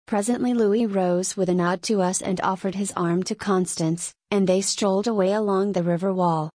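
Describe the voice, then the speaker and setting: Woman audiobook narrator, mid-pitched, measured reading, dry close sound. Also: steady tone, warm tone, no echo. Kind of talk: scripted narration.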